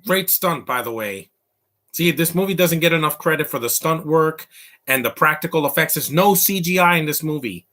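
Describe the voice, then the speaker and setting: A man giving a casual live commentary over a comedy film, rambling through asides, laughing often and reacting loudly to what is on screen. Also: normal speed. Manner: reacts loudly to the film, quoting lines in a high voice.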